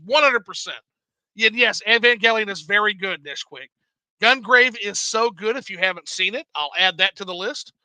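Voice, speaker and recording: Male streamer host, high and very bright, dry sound, animated and profane. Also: moderate pace, clean tone, no room sound, low-quality recording. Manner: animated, swears freely, laughs often. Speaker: livestream host reading chat. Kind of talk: casual livestream chat.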